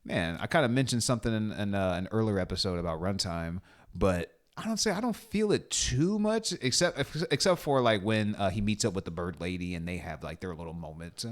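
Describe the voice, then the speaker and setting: Man, lowish voice, casual podcast chat, animated, swearing, acting out quotes. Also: a little fast. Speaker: podcast co-host. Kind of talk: casual movie review chat.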